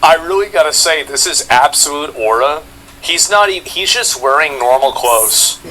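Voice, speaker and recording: A man's voice: fairly high pitch, expressive, normal speed, over music, poor audio. A man giving casual, surprised reaction commentary to a clip.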